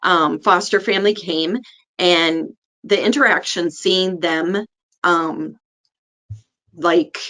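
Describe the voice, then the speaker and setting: Earnest middle-aged woman, lowish voice. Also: takes it slowly, pauses often, fairly bright tone. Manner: earnest, acts out the people in her story. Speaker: neonatal nurse practitioner guest. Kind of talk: personal storytelling in an interview.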